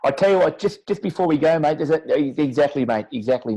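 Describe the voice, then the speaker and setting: A man's voice: medium pitch, steady tone, fast talker, dark tone, rough recording. A man with an Australian accent, a podcast guest in laid-back, rambling, earnest chat. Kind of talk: casual chat.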